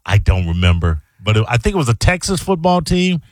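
A man's voice: medium pitch, very animated, a little fast, dry recording, clean studio sound. A man co-hosting a radio talk show, easygoing, chiming in with short agreeing replies. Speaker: radio co-host. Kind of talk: casual radio chat. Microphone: studio microphone.

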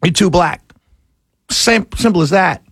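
A man's voice: high-pitched, unhurried, a bit bright, slightly rough, no room sound. A male talk show host giving a political commentary monologue, laughing often and slipping into a mock-preacher cadence.

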